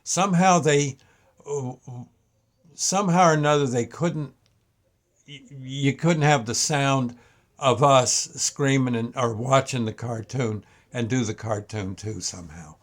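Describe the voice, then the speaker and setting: Older man reminiscing in a meandering way. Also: medium pitch. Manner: meandering, halting storyteller. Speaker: show host. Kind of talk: casual reminiscence.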